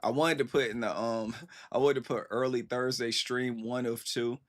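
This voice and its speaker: A man telling a story casually to his live stream chat, animated and rambling, acting out the voices he quotes. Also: medium pitch, moderate pace, soft background music.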